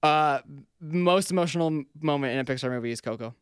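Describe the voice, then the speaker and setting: A man with a smooth, clear voice and a slightly high pitch talks in a loose, casual way. He's blunt and opinionated, and full of filler words. The sound is dry and close. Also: quick pace, dry recording. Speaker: podcast co-host. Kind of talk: casual chat.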